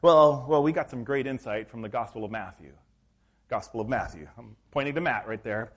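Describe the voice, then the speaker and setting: A male pastor preaching a sermon in a church, telling the story in a lively, acted-out way. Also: mid-range voice, brisk. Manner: animated storytelling, acts out scenes.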